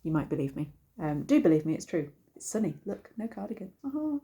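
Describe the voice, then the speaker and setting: Chatty woman, mellow low voice. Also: sing-song, fast talker. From United Kingdom. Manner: chatty and rambling, many ums and restarts. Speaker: singing teacher. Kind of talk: casual singing lesson to camera.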